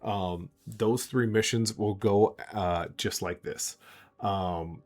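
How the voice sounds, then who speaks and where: A man narrating a tabletop game as game master. He has a lowish voice and rambles along, laughing often. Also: fairly even intonation, takes it slowly.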